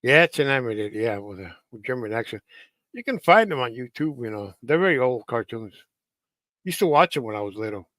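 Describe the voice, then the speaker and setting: A man's voice: medium pitch, sing-song, brisk, a bit bright, dry recording. A man chatting casually to camera in a rambling, hesitant way with many fillers.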